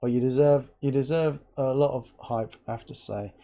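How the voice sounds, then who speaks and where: A man's voice: medium pitch, moderate pace. A man from England hosting a casual live interview, joking and telling stories with lots of laughter. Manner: joking, animated storyteller, laughs often. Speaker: host.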